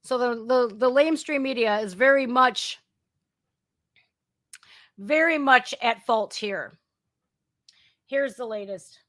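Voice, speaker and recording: A woman hosting a casual news commentary podcast, blunt, crude and sarcastic, swinging between loud outbursts and muttering. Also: a little high, a little slow, long pauses. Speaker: podcast host.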